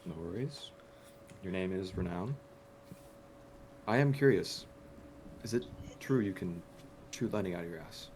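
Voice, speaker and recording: A man at a tabletop game speaks in character. His voice is very low and his delivery is dry and deadpan. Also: unhurried, long pauses, slight background noise. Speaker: player.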